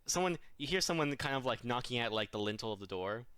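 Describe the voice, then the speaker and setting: A man's voice: medium pitch, expressive, fast talker, fairly bright tone, clean tone, no echo. A man narrating a tabletop game as game master, rambling with lots of fillers and frequent laughs.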